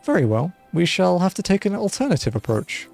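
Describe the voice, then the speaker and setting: A man's voice: high voice, very animated, brisk, vocal fry, a little mellow, soft background music, pitched above the performer's own voice, exaggerated voice. A man doing a genteel blind ex-mercenary wine merchant. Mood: wry. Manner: genteel, courteous, old-fashioned formal speech. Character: blind retired male mercenary turned wine merchant, refined and observant. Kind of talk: reading game dialogue aloud.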